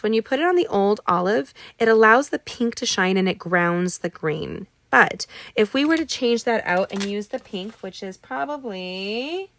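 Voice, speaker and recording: Hosting a card-making livestream, this middle-aged woman speaks in a fairly high, slightly bright voice. She rambles cheerfully to viewers, dropping small noises and exclamations as she crafts, yet a bit of tiredness shows through. Slight background noise is present.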